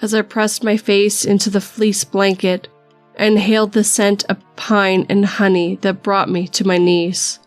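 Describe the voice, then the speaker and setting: Female horror narrator, measured storytelling, mid-pitched, soft music bed. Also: little pitch movement, dry recording. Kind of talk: first-person horror narration.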